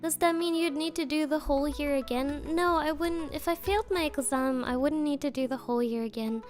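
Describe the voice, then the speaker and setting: A woman's voice: high voice, a little fast, faint music behind. A woman VTuber chatting casually on a livestream, playful and bouncy, sniffly after crying, reading donations and dropping in Japanese words. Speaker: VTuber streamer.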